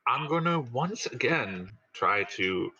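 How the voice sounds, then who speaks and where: A man playing a tabletop game, drawling and deadpan. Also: medium pitch, takes it slowly, dull audio. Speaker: player. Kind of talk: casual talk at a game table.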